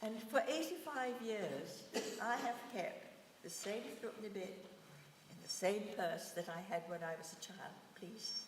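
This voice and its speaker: An older woman tells her own story slowly, with measured, gentle reflection. Her voice sits at an ordinary pitch for a woman and comes from a distance. A long, roomy echo hangs around it in a hall. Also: slight background noise. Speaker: guest speaker. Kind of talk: personal testimony talk. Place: synagogue hall. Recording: echoey hall, voice from far off.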